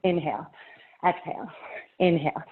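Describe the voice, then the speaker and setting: A woman's voice: low-pitched, moderate pace, slight background noise. Breathless woman fitness instructor counting reps. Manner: encouraging, counts down reps, laughs between cues. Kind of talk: live workout class cueing. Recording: tinny phone-like audio.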